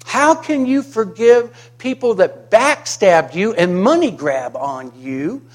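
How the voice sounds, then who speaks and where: A male pastor with a fairly high voice, preaching slowly and deliberately. He swings between hushed, tender passages and loud, fervent declarations, often throwing rhetorical questions out to the congregation. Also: big pitch swings. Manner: impassioned, swings from quiet to loud. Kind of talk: sermon.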